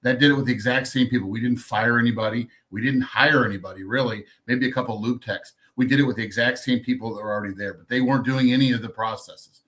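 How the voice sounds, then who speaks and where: A man's voice: medium pitch, fairly even intonation, quick pace, hardly any pauses, a bit bright. Man talking loosely on a panel. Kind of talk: panel discussion.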